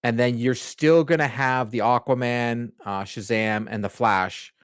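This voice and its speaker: A man's voice: medium pitch, steady tone, unhurried, smooth, no echo, clean studio sound. A man co-hosting a podcast, bluntly reading out a list in a casual chat. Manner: reads out lists, blunt and matter-of-fact. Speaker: podcast co-host.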